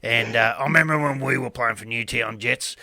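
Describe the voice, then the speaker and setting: A man's voice: mid-range voice, brisk, creaky, bright, forceful tone, no room sound. A man with an Australian accent co-hosting a comedy sports radio show, full of blokey, boastful old-timer bluster. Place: radio studio.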